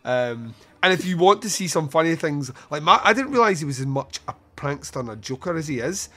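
A man's voice: fairly high pitch, expressive, a little fast, pushed and bright. A man hosting a podcast, casually recapping a film scene by scene, swearing freely and laughing between lines. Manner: swears casually, laughs often, retells scenes with lots of fillers. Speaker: podcast host. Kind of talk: casual film review chat.

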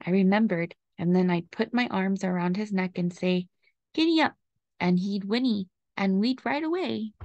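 A woman reads a children's picture book aloud, gentle and expressive. Her voice carries a light creaky fry. The recording is close and dry, with no room sound. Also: medium pitch, moderate pace, hardly any pauses, dry recording, lo-fi sound. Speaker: storybook reader.

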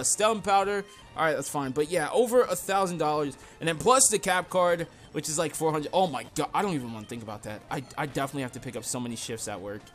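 Rambling young gaming host. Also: male voice, on the high side. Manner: rambling, self-deprecating, yells at the game. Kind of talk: casual game commentary.

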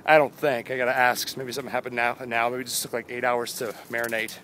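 A man's voice: mid-range voice, level tone, fast talker, pushed and bright, slight background noise. A tired young man in his twenties rambling goofily through a daily vlog outdoors, holding the camera himself. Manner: goofy, rambling, jumps between silly voices and mumbles. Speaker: vlogger.

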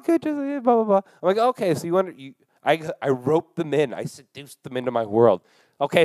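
A young man hosting a podcast, telling a long profane story in a casual, animated way and acting out the dialogue. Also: mid-range voice, no room sound, poor audio. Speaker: podcast host.

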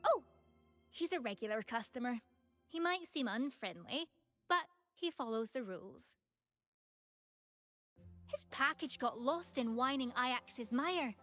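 A woman's voice: sits high, expressive, measured pace, long pauses, pushed and bright, soft background music, exaggerated voice. A woman voicing an upbeat young female delivery team captain in a game, friendly and chatty. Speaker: game character. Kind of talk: game voice acting.

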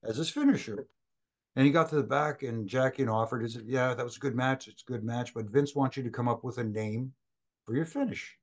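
Middle-aged male guest, storyteller energy, does quick voices for the people in his stories. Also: mid-range voice. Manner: animated anecdotes, acts out quoted voices. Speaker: former wrestling referee, guest. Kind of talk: storytelling in a casual interview.

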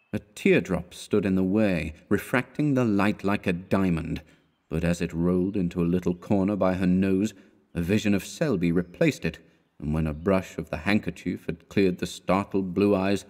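A man narrating a classic story as an audiobook reader, measured and even, lifting his voice for the characters' lines. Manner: measured, lifts his pitch for quoted characters.

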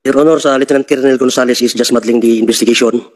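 Brisk, formal man answering at a hearing. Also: medium pitch, steady tone. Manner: formal, hedging, addresses "Your Honor". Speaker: police officer testifying. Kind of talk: testimony at a hearing. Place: hearing room.

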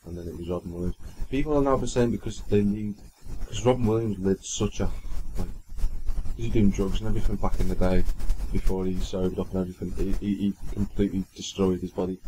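Low-voiced guy, rambling podcast chat. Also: steady tone, quick pace, dark tone, a little hiss or hum, poor audio. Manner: chatty, rambling, stumbles and restarts while recounting news. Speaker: podcast co-host. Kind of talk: casual chat.

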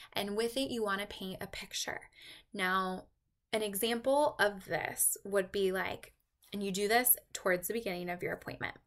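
Young woman, sales trainer, bright clear voice, upbeat and chatty. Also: mid-range voice. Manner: upbeat, chatty, acts out example conversations. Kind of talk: training talk.

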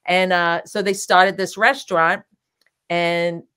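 Rambling woman telling anecdotes, lowish voice. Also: level tone, takes it slowly, bright, forceful tone, smooth. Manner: rambling, filler-heavy anecdotes with frequent laughter. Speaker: guest, drag king performer. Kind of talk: casual interview storytelling.

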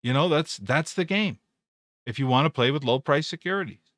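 A man's voice: on the high side, lively intonation, moderate pace, fairly bright tone, no echo, studio quality. A man hosting a live stream, talking casually through stock charts, rambling with repeated words and jokes. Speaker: trading educator.

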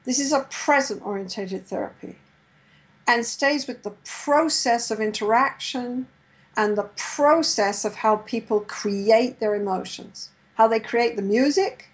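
A middle-aged woman giving a lecture on couple therapy, sometimes acting out therapist and client lines in a gentle voice. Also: on the high side, rough recording. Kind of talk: lecture with role-played therapy dialogue.

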